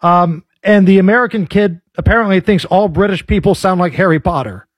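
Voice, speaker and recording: A man's voice: high voice, slightly rough, dry recording, clean studio sound. A man co-hosting a talk radio show, wisecracking through casual banter. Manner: wisecracking, quick quips. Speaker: co-host.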